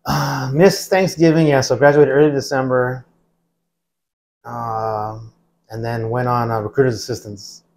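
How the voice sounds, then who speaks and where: Middle-aged American man, easygoing storyteller, mid-pitched voice. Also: fairly even intonation, a little slow, slight background noise, rough recording. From United States. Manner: laid-back, loud when acting out shouted lines. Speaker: veteran guest. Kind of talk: casual storytelling.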